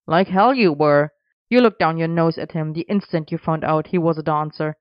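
An earnest young man, protective and firm, as a storybook reader puts him on. The voice is smooth and clear. The recording is dry and a little dull. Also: mid-range voice, moderate pace, no room sound, natural voice.

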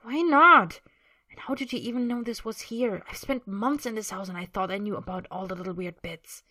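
A woman voicing a calm, curious young man who speaks quietly and reasonably in a storybook reading. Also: medium pitch, normal speed.

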